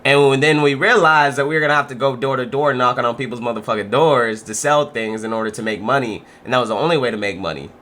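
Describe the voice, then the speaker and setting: A man's voice: mid-range voice, fast talker, few pauses, pushed and bright. A man hosting a reaction video, chatting casually in a slangy, laid-back way.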